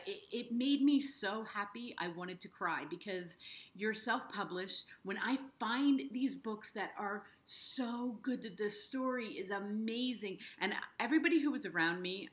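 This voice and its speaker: A woman's voice: fairly low pitch, a bit bright. A middle-aged woman interviewing an author, gushing with enthusiasm and tumbling over her own words. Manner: gushing, effusive, talks over herself with restarts. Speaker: interviewer and book reviewer.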